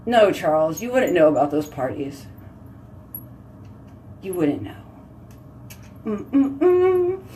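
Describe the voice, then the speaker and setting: A woman's voice: low-pitched, lively intonation, unhurried, pauses often, dark tone, far from the mic, a little hiss or hum. A woman hosting a casual live video chat, telling giggly stories and answering viewer comments. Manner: chatty, giggly storytelling. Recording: voice slightly off-mic.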